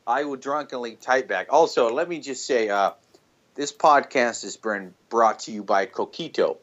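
A man's voice: medium pitch, normal speed, fairly bright tone, highs cut off. A man co-hosting a podcast in loose, profane, joking chat while drinking. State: tipsy, drinking. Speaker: podcast co-host.

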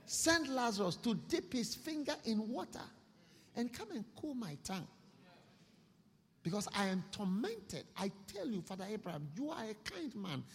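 A man's voice: high voice, very animated, moderate pace, slight background noise, voice pushed up. A man voicing a rich man in hell, pleading and whining for mercy. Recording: echoey hall.

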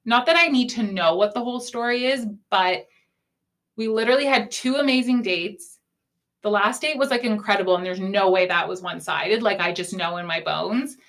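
A young woman hosts a podcast, telling a dating story candidly in casual chat, using "like" a lot and swearing freely. Her voice is mid-range and fairly bright, at a moderate pace.

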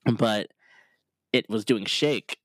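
A man co-hosting a podcast in casual chat, laughing often and cutting in with quick playful remarks. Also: on the low side, no room sound. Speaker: podcast co-host.

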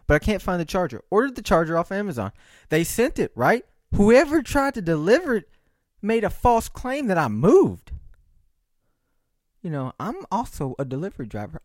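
A vlogger with a slightly high male voice talks to the camera in a rambling, profane monologue, frequently checking in with "right?" asides. The recording is dry, with clean studio sound.

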